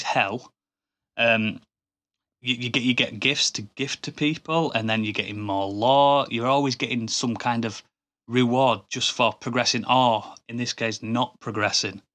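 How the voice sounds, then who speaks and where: An enthusiastic man chats casually as a podcast co-host, his voice bright and forceful. He rambles and restarts his sentences, piling on praise as he goes. His pitch sits in the middle. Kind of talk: casual chat.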